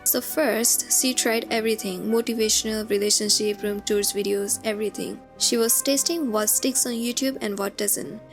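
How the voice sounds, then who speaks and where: Higher-pitched woman narrating commentary over music. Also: fairly even intonation, moderate pace, few pauses. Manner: conversational, explanatory. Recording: music bed underneath.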